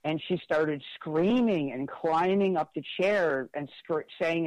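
A man's voice: on the high side, normal speed, few pauses, darkish tone, no echo, rough recording. Man telling a story, dry sound. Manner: earnest, frequent "like" fillers and restarts. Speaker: interview guest. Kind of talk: conversational storytelling.

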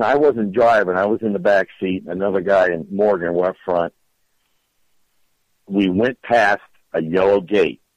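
A middle-aged man with a very low voice tells a story in a casual, rambling way, stumbling over and repeating his words as he goes. His voice sounds dry and close, with a slightly dull, lo-fi tone. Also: no room sound. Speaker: storyteller guest.

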